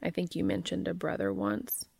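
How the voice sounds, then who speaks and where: A woman reading the lines of a gentle, concerned man in a quiet, coaxing way. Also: fairly low pitch, fairly even intonation, moderate pace, vocal fry, breathy edge, dry recording, clean studio sound, heavily acted.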